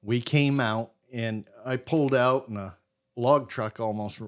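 A Maine man, appearing as a podcast guest, recounts a hunting story in a relaxed, lively way. He speaks at medium pitch, a little slowly, shifting between loud and soft.

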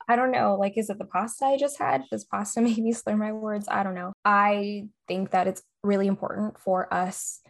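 A woman's voice: medium pitch, steady tone, normal speed, gravelly. Young woman, podcast co-host, upbeat casual chat, laughs often.

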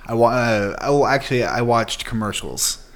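A man's voice: mid-range voice, lively intonation, moderate pace, fairly bright tone. A young man co-hosting a podcast, laid-back and blunt, laughing along and swearing in casual chat. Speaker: podcast co-host.

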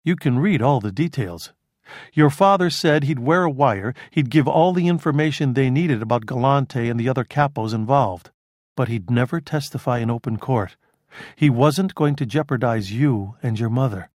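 A man voicing a dry, cerebral middle-aged male criminologist who explains things in a measured way in an audiobook. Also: medium pitch, a little mellow, no room sound, close to an everyday voice. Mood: explaining. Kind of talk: audiobook character voice.

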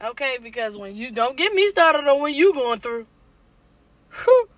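A woman in casual conversation, expressive and playful, laughing and telling stories. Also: high-pitched, normal speed, dry recording. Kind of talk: casual chat.

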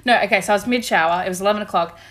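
A woman hosting a casual podcast from a bedroom, animated and quick to laugh while she tells stories. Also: mid-range voice. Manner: animated, laughs easily, storytelling. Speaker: podcast host. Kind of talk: casual chat.

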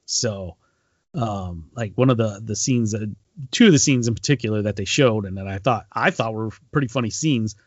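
A man's voice: on the low side, moderate pace, dry recording, dull audio. A man co-hosting a podcast, retelling a story in a rambling casual way with lots of ums and restarts. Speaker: podcast co-host. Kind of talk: casual chat.

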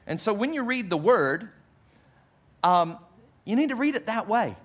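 Male pastor, sermon, high-pitched, slow and emphatic. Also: big pitch swings. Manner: emphatic preaching, drops low on key words.

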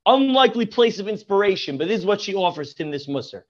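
A man's voice: sits high, sing-song, fast, muffled recording. A man, a rabbi guest on a podcast, teaching Torah through storytelling and effusive in his praise. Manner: effusive, repeats praise often.

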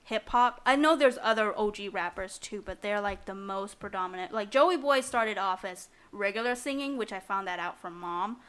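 A woman's voice: mid-range voice, moderate pace, few pauses, a bit bright, clean tone. A woman co-hosting a podcast, explaining things in a rambling casual chat with lots of fillers. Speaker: podcast co-host.

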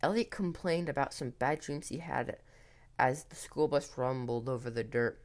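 Man, first-person horror narration, tense, hurried, stumbling restarts. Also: medium pitch.

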